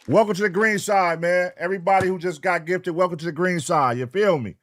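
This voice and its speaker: A man from the US West Coast hosting a late-night livestream, loose and profane, reeling off shout-outs to chat viewers in a sing-song way. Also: high voice, brisk, few pauses, some chatter behind. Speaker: livestream reaction host.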